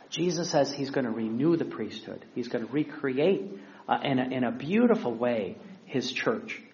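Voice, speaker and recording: A man's voice: fairly high pitch, creaky, a little hiss or hum. A man preaching a conversational sermon, acting out quotes and chuckling as he goes. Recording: dull lo-fi recording.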